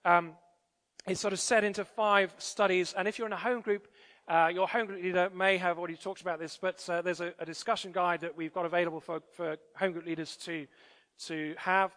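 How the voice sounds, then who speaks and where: A man's voice: high-pitched, steady tone, a little fast, a bit bright. A man preaching a sermon in a church, conversational with frequent fillers and restarts. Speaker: pastor. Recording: church hall reverb.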